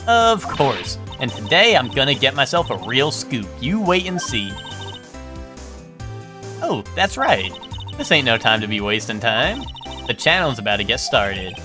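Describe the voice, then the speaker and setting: A man's voice: medium pitch, big pitch swings, a little slow, over music. A man voicing a brash, nosy southern woman photographer with a folksy drawl, reading a video game's lines aloud. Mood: excited. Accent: Southern US (put on).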